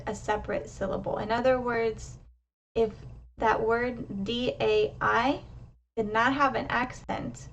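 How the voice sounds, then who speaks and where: A woman teaching pronunciation, explaining step by step and modelling each word slowly and with emphasis. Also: fairly high pitch, creaky, recorded from a distance, highs cut off, slight background noise. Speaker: language teacher. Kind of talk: slow, careful pronunciation lesson.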